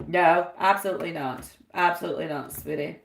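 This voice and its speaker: A woman's voice: on the low side, a little fast, vocal fry, slight background noise. A woman doing a live-stream tarot reading, chatty and affectionate, dropping Italian phrases as she answers viewers. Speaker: tarot reader.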